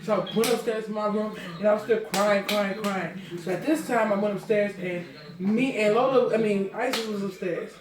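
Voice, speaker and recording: A young woman in a storytime vlog, recounting her own story in a measured, dramatic way. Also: medium pitch. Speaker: vlogger and twin sister. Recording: echoey room, distant mic, crowd noise behind.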